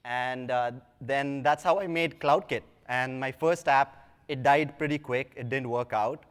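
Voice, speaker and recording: A man's voice: medium pitch, unhurried, smooth. Casual man giving a talk in a hall. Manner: casual, chatty, self-deprecating asides. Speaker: conference speaker. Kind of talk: live tech conference talk. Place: large conference hall. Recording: long hall reverb.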